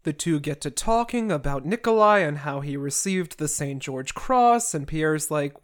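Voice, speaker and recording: A podcast host walks through a long classic novel in a loose comedic recap. The delivery is mid-pitched and chatty, and it breaks off often for sarcastic asides and roast jokes. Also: expressive, normal speed, few pauses.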